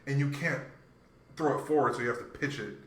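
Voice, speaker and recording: A man co-hosting a casual talk show, telling animated stories, acting out quotes and laughing often. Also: medium pitch, fairly quick. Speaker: podcast co-host. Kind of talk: casual chat. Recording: echoey room, off-mic.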